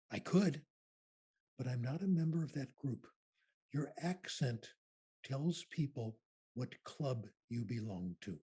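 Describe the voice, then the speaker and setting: Older male keynote speaker, husky and raspy, unhurried and emphatic. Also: mid-range voice, a little mellow. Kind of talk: conference question-and-answer.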